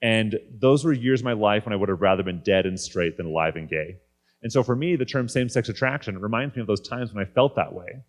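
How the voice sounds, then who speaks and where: Candid man in his thirties, lowish voice. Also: animated, quick pace. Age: 30s. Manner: candid, conversational. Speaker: guest speaker. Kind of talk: personal faith talk. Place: conference stage.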